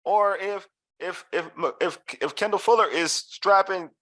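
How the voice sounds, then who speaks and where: A man's voice: high voice, unhurried, fairly bright tone. A man hosting a casual sports talk show, emphatic and repeating phrases for effect. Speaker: podcast host.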